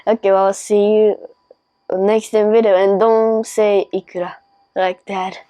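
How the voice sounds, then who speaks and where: A woman voices phrases one by one in a casual home lesson, carefully and clearly so viewers can copy her. Her voice sits at a middle pitch, heard close and dry with no room echo. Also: little pitch movement, a little slow, mellow. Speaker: co-host giving the phrases.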